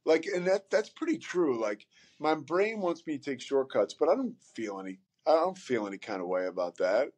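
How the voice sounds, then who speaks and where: A man's voice: medium pitch, very animated, normal speed, few pauses, a little mellow, breathy edge. A man speaking as a podcast guest in casual conversation, candid and rambling, with many fillers and some swearing.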